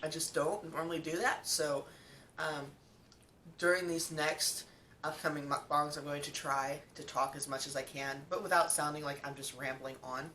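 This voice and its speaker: A woman's voice: deep voice, steady tone, normal speed, pushed and bright, far from the mic, a little hiss or hum. A young woman vlogger chatting casually while she eats, telling a story with lots of ums and likes. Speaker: mukbang vlogger.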